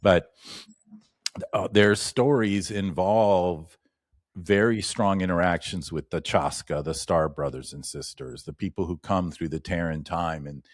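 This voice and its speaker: A man with a deep, low voice speaks as a guest in a casual interview. He tells long, winding stories, restarts his sentences and drifts into asides, and he grows lively when he retells an anecdote. The sound is dry and close, with no room echo. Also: a little slow. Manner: rambling, with many restarts and asides. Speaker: shamanic practitioner guest.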